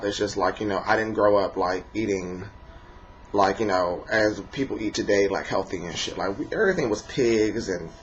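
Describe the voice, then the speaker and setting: Low-voiced rambling D.C. man, lo-fi. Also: a little hiss or hum. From Washington, D.C. area. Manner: rambling and profane, many fillers. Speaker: vlogger. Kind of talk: casual monologue to camera. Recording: dull lo-fi recording.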